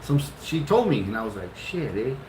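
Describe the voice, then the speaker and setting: A man's voice: mid-range voice, very animated, moderate pace. A man in his fifties casually tells how he met his wife, acting out his own reactions and swearing a lot. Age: 50s. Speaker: husband telling how the couple met. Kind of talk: casual storytelling. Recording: roomy echo with clear background noise.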